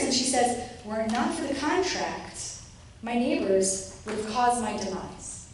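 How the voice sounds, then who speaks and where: A woman giving a lecture in a lively way, acting out quoted voices as she teaches. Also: moderate pace. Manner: lively, acts out quoted voices with rising pitch. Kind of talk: academic lecture. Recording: roomy echo, distant mic, faint noise.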